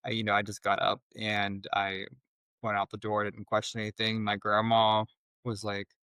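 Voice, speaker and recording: A man telling his personal story as a podcast guest, in a halting, reflective way with many restarts. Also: lowish voice, monotone, bright, forceful tone, smooth, no echo, rough recording.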